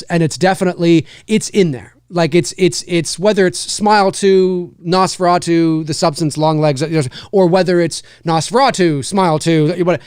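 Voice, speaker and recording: A man's voice: high-pitched, a little mellow, clean tone, no echo, studio quality. A man hosting a live stream, chatting casually about films and answering viewers in a rambling, self-correcting way. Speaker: livestream host and indie filmmaker.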